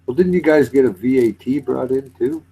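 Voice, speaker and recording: Husky man asking curious questions. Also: mid-range voice, normal speed, highs cut off. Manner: asks curious questions in a relaxed way. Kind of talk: casual voice chat.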